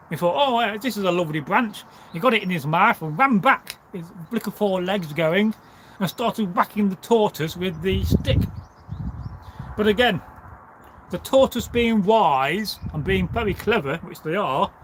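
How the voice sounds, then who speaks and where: A man's voice: high voice, a little hiss or hum. A man telling a folk tale casually on a livestream, rambling with asides and fillers. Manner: rambling, full of asides and "you know" fillers. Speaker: storyteller. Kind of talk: casual spoken storytelling on a livestream.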